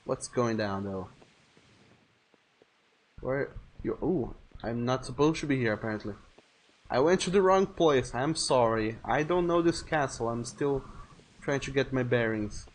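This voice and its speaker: A man's voice: mid-range voice, animated, unhurried, long pauses, a little hiss or hum. A man streaming a video game live, chatting casually, reading viewer messages aloud and swearing freely.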